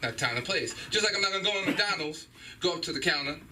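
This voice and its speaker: A middle-aged man doing a stand-up set in a small comedy club, animated and profane as he acts out loud voices. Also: on the high side, fast talker, recorded from a distance, background noise. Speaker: stand-up comedian at an open mic.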